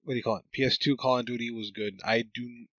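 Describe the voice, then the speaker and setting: On a podcast, a male host casually recaps a movie, cracking jokes, throwing in exasperated asides and laughing often. His medium-pitched voice moves quickly with fairly even intonation. The recording is dry and dull, with a lo-fi quality and no room sound.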